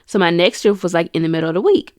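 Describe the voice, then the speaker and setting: Young woman host, lowish voice, animated storyteller, dry close sound. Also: very fast, no room sound. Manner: animated, chatty, addresses listeners as y'all and honey. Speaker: podcast host. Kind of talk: casual storytime chat.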